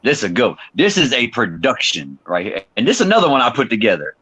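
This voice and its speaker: A man's voice: mid-range voice, fast, breathy edge, dry recording, rough recording. A man, a rapper guest telling stories in casual interview chat and acting out quotes. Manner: animated storyteller, acts out quotes.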